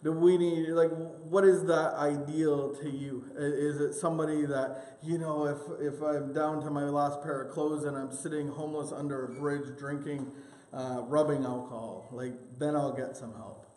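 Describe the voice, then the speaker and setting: A man's voice: fairly high pitch, level tone, moderate pace, a little mellow. A man leading a church group session, telling self-deprecating home-repair stories in a rambling, casual way with many fillers. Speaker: church small-group leader. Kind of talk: casual teaching talk with personal stories. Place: church meeting room. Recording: echoey hall with long reverb.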